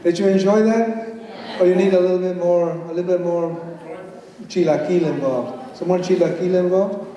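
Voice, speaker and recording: A man's voice: high-pitched, moderate pace. An older man reading his poems to an audience in a playful way, mixing English and Spanish and calling on the crowd to join in. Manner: playful, switches between English and Spanish, reads with bursts of excitement. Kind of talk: live poetry reading with audience call-and-response. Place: large hall at a college event. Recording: echoey hall from far off, audience ambience.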